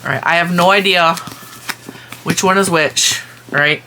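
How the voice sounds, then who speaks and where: A woman's voice: on the low side, unhurried, pushed and bright, slight background noise. Chatty woman gushing over yarn. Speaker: crochet and yarn vlogger. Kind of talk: casual show-and-tell vlog.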